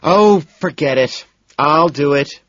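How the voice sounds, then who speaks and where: A man voicing a fretful, theatrical wealthy young hostess in an audiobook, gushing and breathy with dramatic wails. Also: medium pitch, big pitch swings, unhurried, a bit bright, no echo, pitched above the performer's own voice, exaggerated voice. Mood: brisk. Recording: dull, muffled audiobook recording.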